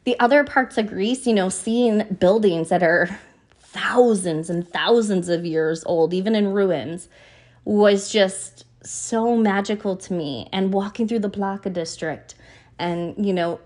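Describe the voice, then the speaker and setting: A woman hosts her own podcast in a relaxed, open-hearted way. She speaks earnestly and is quick to be moved, and she scatters "you know" through her sentences. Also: mid-range voice. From United States. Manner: heartfelt and earnest, often emotional, many "you know" fillers. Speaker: podcast host. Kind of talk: casual podcast monologue.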